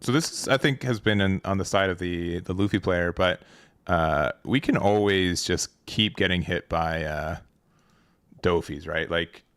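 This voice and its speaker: A man with a fairly low voice gives relaxed play-by-play of a card game match. He hedges his calls and trips over his own sentences as he thinks aloud. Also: a little slow, clean tone. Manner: relaxed, hedging, frequent fillers and restarts. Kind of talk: casual match commentary.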